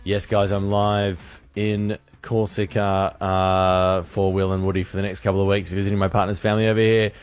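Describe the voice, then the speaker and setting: Joking radio co-host man, lower voice. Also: little pitch movement, moderate pace, few pauses, clear, resonant tone, faint music behind. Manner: joking, slips into French. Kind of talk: playful radio banter.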